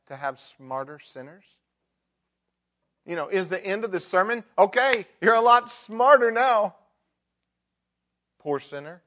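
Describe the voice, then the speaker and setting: Emphatic male preacher, fairly high voice. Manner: emphatic, swings between loud mock outbursts and hushed prayer. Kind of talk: sermon.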